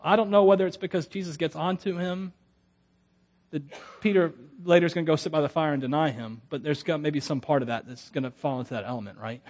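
Pastor, male, high voice, animated humorous sermon delivery with restarts. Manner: animated, acts out quotes with humor, stammering restarts.

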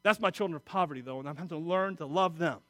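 A middle-aged man preaching a sermon, emotional, moving from quiet confiding talk to loud exhortation. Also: fairly high pitch, very fast, no room sound. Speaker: pastor.

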